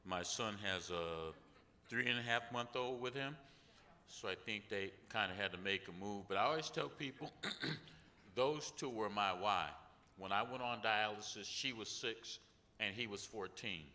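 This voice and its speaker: A man's voice: fairly low pitch, a little slow, bright, forceful tone. An older man speaking earnestly and steadily at a community summit. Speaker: speaker at event. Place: large event hall. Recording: reverberant hall with faint background noise.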